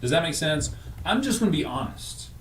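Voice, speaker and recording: A man's voice: on the high side, sing-song, fairly quick, a bit bright, roomy sound, recorded from a distance. A man co-hosting a radio show, chatting casually, rambling and correcting himself as he goes. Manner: rambling, self-correcting, laughs at own jokes. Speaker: radio co-host. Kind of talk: casual morning radio banter.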